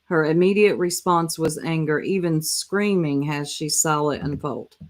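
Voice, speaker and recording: A woman with a fairly low voice hosts a live reaction stream in easygoing chat. She talks straight to her viewers, loose and chatty. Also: a little slow. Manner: chatty, addresses viewers directly.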